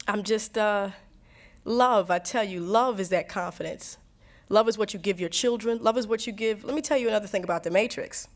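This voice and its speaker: A young woman answering students' questions in a candid talk, animated and laughing, acting out quotes as she tells stories. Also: medium pitch. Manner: animated storytelling, acts out quotes; warm, frequent laughs and restarts.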